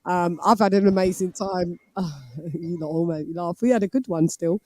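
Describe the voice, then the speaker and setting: A woman's voice: on the low side, normal speed, warm tone, no echo. A woman hosting a casual live boxing call-in stream, playful and giggly, teasing her viewers and dropping in Spanish phrases.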